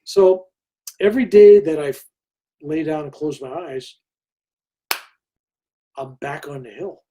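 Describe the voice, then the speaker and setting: A man's voice: a little high, unhurried, lo-fi sound, slight background noise. An older man telling a story as an interview guest, acting out what other people said. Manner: animated storyteller who acts out other people's lines. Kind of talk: storytelling in conversation.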